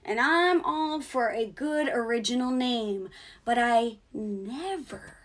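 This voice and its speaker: A woman's voice: lively intonation, slow pace. A woman hosting her own show in sassy, mock-outraged comedic commentary, swearing freely, her voice cracking when it rises. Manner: voice cracks when going high. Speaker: show host.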